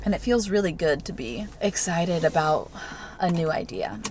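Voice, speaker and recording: A young woman vlogging casually to camera, chatty and excitable, gasping and squealing over what she unwraps. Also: lowish voice, moderate pace, slight background noise. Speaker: lifestyle vlogger. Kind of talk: casual vlog chat to camera.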